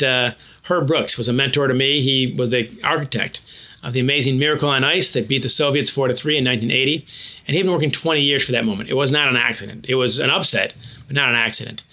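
A man, an author and former hockey coach, answering interview questions with animated, self-deprecating anecdotes. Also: mid-range voice, fast talker.

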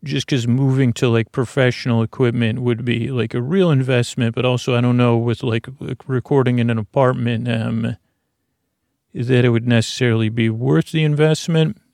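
Creaky, rambling male podcast host. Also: mid-range voice, fairly even intonation, moderate pace, dry recording, clean studio sound. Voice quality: creaky, gravelly voice. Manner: rambling and soft-spoken, with many fillers and restarts. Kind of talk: slow, meandering podcast talk. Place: home studio in an apartment. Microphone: prosumer podcast microphone.

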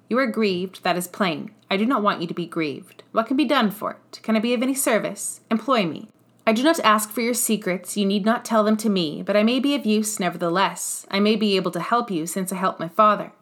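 A woman's voice: medium pitch, natural voice. A woman reading the part of a poor young woman who pleads earnestly to be of service.

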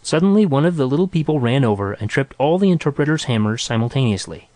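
A man reads a short story aloud in a steady, measured voice. The sound is close and dry, with no room around it. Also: medium pitch, no room sound. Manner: even, measured reading. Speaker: narrator. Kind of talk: scripted story narration.

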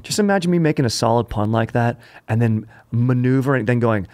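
A man hosting a comedy podcast, telling a history story in an animated, joking way full of puns. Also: medium pitch, brisk, no room sound. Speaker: podcast host.

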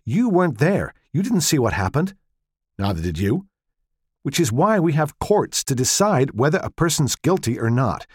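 A man voicing a sharp-witted woman archaeologist who snaps quick, exasperated retorts at her husband in an audiobook. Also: medium pitch, very animated, husky, no echo, studio quality, voice pushed up. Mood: indignant.

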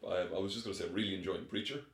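A man in casual podcast chat, lively and often mimicking people. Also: racing, a little hiss or hum. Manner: lively, mimics others in high voices. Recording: echoey room.

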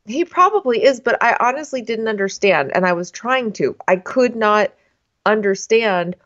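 Woman, podcast co-host, casual chat, animated, dull lo-fi recording. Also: fairly high pitch, normal speed. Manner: animated, quotes people in voices. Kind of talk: casual chat recapping a TV show.

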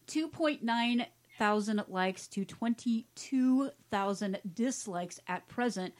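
A woman's voice: a little high, slow pace. A woman co-hosting a casual talk show, reading online comments aloud in a mocking, sarcastic way and laughing often. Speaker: co-host.

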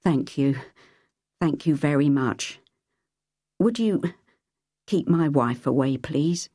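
A man's voice: fairly high pitch, slow pace, mellow, no echo, studio quality. A woman voicing a timid, downtrodden older man. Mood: pleading. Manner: small, hesitant, pleading. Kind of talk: audiobook character voice.

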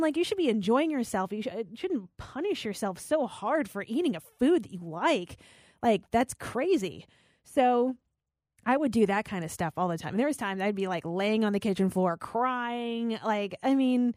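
Chatty radio woman, voice a touch high. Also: a little mellow, dry recording, studio quality. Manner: chatty, rambling, self-deprecating. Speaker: radio host. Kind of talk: candid interview answer.

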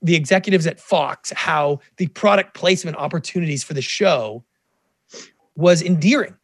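A middle-aged man, a television producer guest in an interview, telling stories in a lively way and acting out the quoted dialogue. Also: fairly high pitch, moderate pace, no echo. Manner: animated, acts out quoted dialogue. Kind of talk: casual interview storytelling.

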